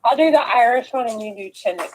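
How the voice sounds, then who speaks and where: A woman's voice: fairly high pitch, lively intonation, fast, a little mellow, slight background noise, poor audio. A young woman chatting casually during a tarot reading game, hesitant and giggly with nervous rambling. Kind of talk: casual chat.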